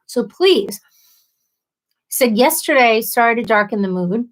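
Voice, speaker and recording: Woman, somewhat high voice, casual live-stream chat, sympathetic, playful asides. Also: lively intonation, a little slow. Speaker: livestream host.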